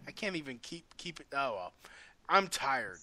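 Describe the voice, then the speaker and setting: Lively casual male radio host. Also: a little high, brisk, a crowd in the background. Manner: loose, swears freely, laughs at himself. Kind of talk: casual call-in show chat.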